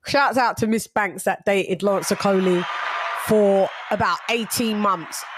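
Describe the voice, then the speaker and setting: A chatty woman hosts a podcast in loose, blunt, gossipy talk. She laughs often and stumbles over repeated words. Her voice sits at a middle pitch. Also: a little slow, background noise. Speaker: boxing podcast host. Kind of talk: casual chat.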